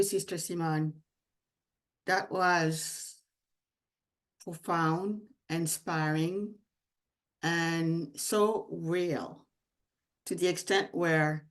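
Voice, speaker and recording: Lady moderator, low-ish voice, slow, lots of "you know, i mean". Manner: warm, searching phrasing with many fillers. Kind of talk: panel discussion.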